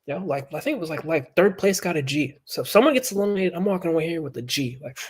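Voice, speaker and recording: A man on a podcast telling a story in a casual, profane, animated way. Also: a little high, quick pace, breathy edge. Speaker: podcast guest.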